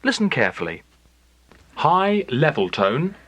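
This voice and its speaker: A man teaches a recorded language lesson, his voice animated in pitch and recorded dry and close. He explains each step clearly and at a measured pace. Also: no room sound. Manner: clear, measured instructional delivery. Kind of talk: scripted lesson narration.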